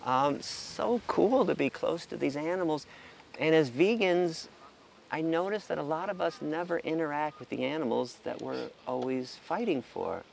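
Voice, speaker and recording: A man's voice: on the high side, normal speed, gravelly, slight background noise. A man speaking passionately about animal sanctuaries in a casual monologue, stammering into restarts and swearing now and then. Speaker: vegan animal rights advocate.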